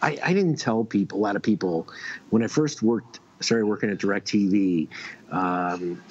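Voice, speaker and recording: A man's voice: fairly low pitch, measured pace, breathy edge. A man guesting on a casual radio show, telling long stories with many restarts and fillers. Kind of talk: casual radio chat, storytelling. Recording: dull lo-fi stream audio.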